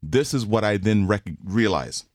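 Animated low-voiced man telling a story. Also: measured pace, dry recording, clean studio sound. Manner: animated, acts out quoted voices with big pitch jumps. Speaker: podcast co-host. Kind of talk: casual storytelling chat.

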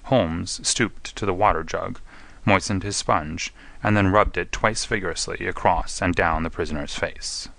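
Deep, crisp man reading a classic story. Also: fairly bright tone, no echo. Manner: measured, distinct reading with voices for each character. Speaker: audiobook narrator. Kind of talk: scripted narration of a classic detective story.

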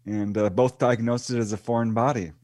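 A man's voice: mid-range voice, a little fast, no echo. Dry-sounding man telling a story. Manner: animated retelling, acts out quoted voices. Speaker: guest author and UFO researcher. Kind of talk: casual storytelling interview.

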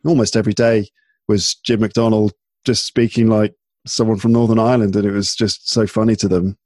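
Low-voiced man. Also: flat delivery, fairly quick, darkish tone, dry recording. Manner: chatty and musing, with frequent fillers and restarts. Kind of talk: casual chat.

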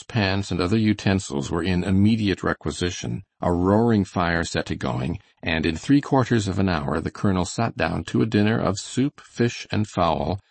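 Gravelly, deep-voiced male narrator. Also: no room sound. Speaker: audiobook reader. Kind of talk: scripted narration.

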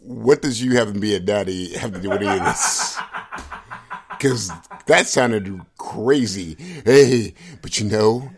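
A man's voice: fairly low pitch, measured pace, breathy edge. A man in his forties, co-hosting a podcast in casual chat, telling stories animatedly, acting out voices and swearing freely. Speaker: podcast co-host.

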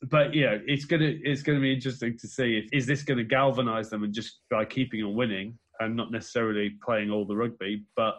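A man in relaxed podcast chat carefully recounts rugby moves step by step. He is conversational and analytical. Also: mid-range voice, fast, hardly any pauses. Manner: detailed play-by-play analysis. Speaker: podcast co-host. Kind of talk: casual sports chat.

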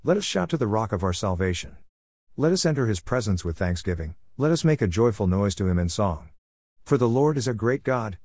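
A man giving a measured, scripted Bible reading. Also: lowish voice, a little mellow, no room sound. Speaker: reader.

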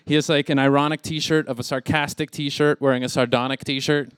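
A man's voice: mid-range voice, flat delivery, a little fast, fairly bright tone, clean tone. A man in his thirties doing a rambling stand-up set, laughing at his own jokes. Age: 30s. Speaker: stand-up comic.

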